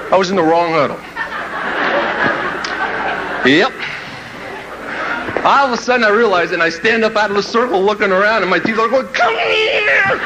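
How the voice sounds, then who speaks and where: A man's voice: on the high side, background noise. A man telling a funny personal story to an audience as a motivational speaker, acting out the voices in it with lots of energy. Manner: animated, acts out quoted voices and laughs at his own story.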